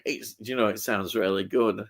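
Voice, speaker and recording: A man's voice: on the low side, steady tone, normal speed. A man hosting a casual live stream, chatting about films and reading out viewer comments, rambling and hesitant with many ums and restarts. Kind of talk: casual chat.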